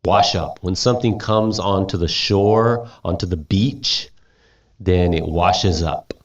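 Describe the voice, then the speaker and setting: A man teaching English who reads a story aloud, explains words, and repeats them slowly for students to copy. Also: deep voice, highs cut off.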